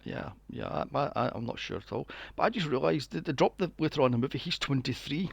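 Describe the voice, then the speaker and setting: Animated man with a gravelly voice. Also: mid-range voice, fast, no echo. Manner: animated, swears freely, acts out quotes in a mocking voice. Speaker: podcast co-host. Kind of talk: casual film recap chat.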